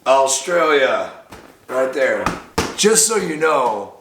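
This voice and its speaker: An excitable, chatty man opens mail sent in by viewers, talking casually in a mid-pitched voice and now and then breaking into loud excited cries. His voice bounces around an echoey room, with a faint hiss underneath. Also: slow, vocal fry. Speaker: bar owner and vlogger. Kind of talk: casual mail-opening vlog.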